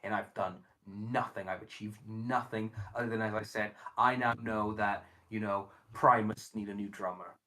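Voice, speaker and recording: A man co-hosting a podcast, ranting in sweary, animated casual chat. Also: on the low side, normal speed, few pauses. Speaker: podcast co-host.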